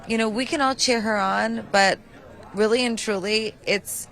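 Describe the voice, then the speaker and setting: A woman's voice: on the high side, steady tone, normal speed, gravelly, a bit bright, some chatter behind, poor audio. A woman singer answering a red carpet interview in an earnest, heartfelt way.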